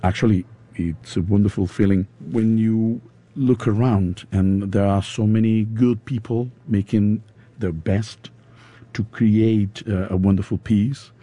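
A man with a Spanish accent, an opera singer interviewed in English, his second language, pausing often to search for words. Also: fairly low pitch, fairly even intonation, dark tone. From Spain. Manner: halting, searching for words with fillers.

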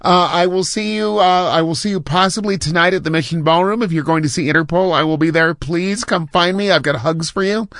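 A man's voice: a little high, a bit bright, dry recording. A man hosting a morning radio show alone in a studio, speaking in an earnest, heartfelt way between songs. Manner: repetitive "I love that" phrasing. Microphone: studio microphone.

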